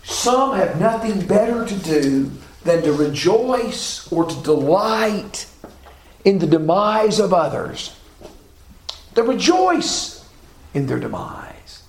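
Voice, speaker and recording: A man's voice: high voice, sing-song, takes it slowly, echoey room, low-quality recording. A man teaching a Bible class, asking his listeners questions and repeating key phrases.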